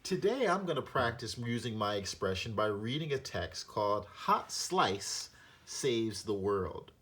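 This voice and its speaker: Teacher modeling read-aloud expression. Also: male voice, lowish voice, very animated, unhurried, a bit bright. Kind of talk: teaching a reading lesson.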